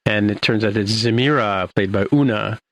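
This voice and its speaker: Gravelly, rambling podcast host man. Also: fairly low pitch, low-quality recording. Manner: rambling, halting with many restarts. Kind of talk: casual episode recap.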